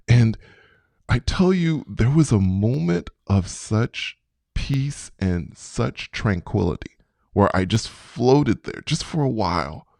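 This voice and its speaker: A man in his fifties, a podcast guest telling a personal story in an animated way and acting out his own past reactions. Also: on the low side, slow pace, gravelly, no room sound, studio quality. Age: 50s.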